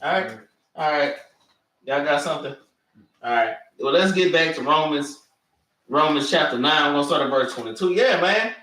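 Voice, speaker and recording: Man, higher-pitched, forceful; casual animated preaching class; far mic, roomy echo. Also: normal speed, pauses often. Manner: animated, street-casual, keeps saying "man". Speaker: class teacher. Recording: echoey room, mic far off.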